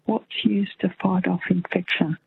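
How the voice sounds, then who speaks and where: A woman's voice: lowish voice, fairly even intonation, measured pace, vocal fry. A woman calling in to a radio quiz, chatty and rambling as she thinks aloud. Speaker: caller. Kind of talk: phone-in chat. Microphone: phone line. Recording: tinny phone line with faint noise.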